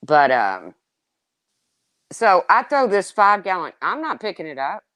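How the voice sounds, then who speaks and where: A woman telling casual stories, swearing freely and swinging between loud exclaims and low asides. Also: huge pitch swings, measured pace, dry recording. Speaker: storyteller. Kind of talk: casual chat.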